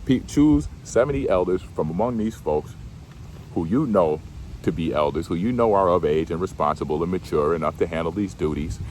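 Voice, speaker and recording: A man reading bible verses slowly, then paraphrasing them in relaxed, slangy everyday speech. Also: sits low, a little hiss or hum. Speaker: bible teacher. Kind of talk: scripture reading with casual commentary.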